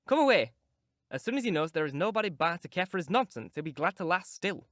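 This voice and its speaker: A man reading an audiobook, voicing a stern, practical middle-aged housekeeper who speaks briskly and scolds. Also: on the high side, expressive, bright, forceful tone, no echo, clean studio sound.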